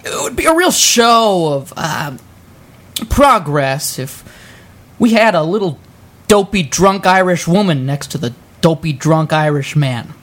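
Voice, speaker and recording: A woman's voice: deep voice, animated, a little slow. A woman improvising a comedy scene in a pushy, sarcastic, mock-earnest way. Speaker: improv performer. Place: small theater stage.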